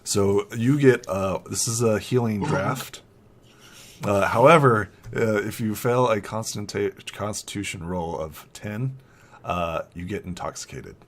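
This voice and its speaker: A man's voice: fairly low pitch, a little slow. A man narrating as game master of a tabletop game, casual and full of fillers.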